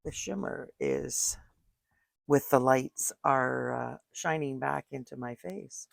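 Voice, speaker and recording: Gravelly-voiced older woman crafting. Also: a bass voice, slow pace, no echo, clean studio sound. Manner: chatty, thinking aloud while working. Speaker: card-making crafter. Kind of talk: casual crafting tutorial. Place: home craft room. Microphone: desk microphone.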